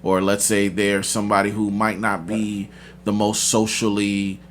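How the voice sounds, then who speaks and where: A man's voice: fairly low pitch, completely flat delivery, unhurried, a bit bright, slight background noise. A man hosting a podcast, talking casually and confidently, telling stories with animation. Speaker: podcast host. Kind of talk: casual chat.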